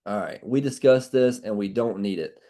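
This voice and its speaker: A man leading an insurance sales team training, talking in a brash, animated way and swearing casually. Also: on the low side, moderate pace.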